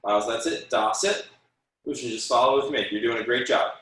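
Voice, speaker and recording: A man's voice: mid-range voice, brisk, a bit bright. Man, taekwondo instructor, encouraging, counts out moves, very echoey room, far from the mic. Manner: encouraging, counts out moves and corrects students by name. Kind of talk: online martial arts class instruction. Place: room, teaching students over video call.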